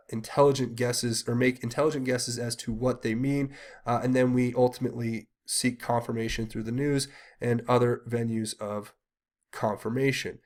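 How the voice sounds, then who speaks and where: A man hosting his own channel, talking in an earnest, rambling way with many fillers and pleading appeals to viewers. He is congested from a cold. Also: medium pitch. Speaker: channel host. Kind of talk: casual solo commentary.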